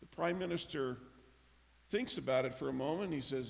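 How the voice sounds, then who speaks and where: A man preaching a sermon as pastor, telling stories and acting out the characters' lines with lively emphasis. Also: medium pitch, normal speed, gravelly. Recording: long reverb of a large hall.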